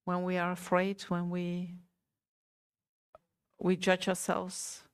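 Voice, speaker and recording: A woman teacher giving a Buddhist talk to a small group, gentle and unhurried, often asking her listeners questions. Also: fairly low pitch, completely flat delivery, clean tone. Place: meditation center hall.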